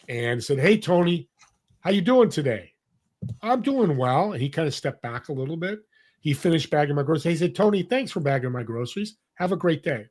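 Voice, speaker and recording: Guy on a podcast telling a heartfelt story, kinda high-pitched, really into it. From California. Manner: earnest, animated storyteller acting out quoted voices. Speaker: podcast guest. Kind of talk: storytelling interview talk.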